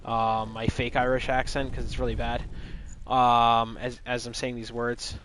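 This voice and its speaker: A man's voice: medium pitch, monotone, unhurried, fairly bright tone, a little hiss or hum. A man streaming a game live, retelling a story in a loose, rambling, joking way with plenty of swearing. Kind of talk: casual live gaming commentary.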